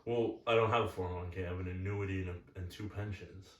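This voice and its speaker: A man's voice: deep voice, steady tone, quick pace, lo-fi sound. A young man telling crude stories on a casual podcast, rambling and blunt. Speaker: podcast co-host. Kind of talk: casual chat. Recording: echoey room from far off.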